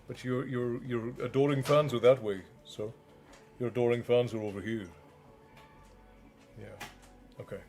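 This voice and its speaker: A man's voice: mid-range voice, normal speed, pauses often, soft background music. A young man streaming, reading a novel aloud and chatting casually, teasing his pets. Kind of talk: audiobook-style narration and casual stream chat.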